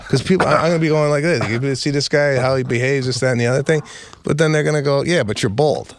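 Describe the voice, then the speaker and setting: A middle-aged man hosting a casual comedic chat, telling stories with animated delivery and acting out both sides of each exchange. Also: mid-range voice, quick pace, no room sound. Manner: animated storytelling, acts out exchanges, says "bro". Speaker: comedian host.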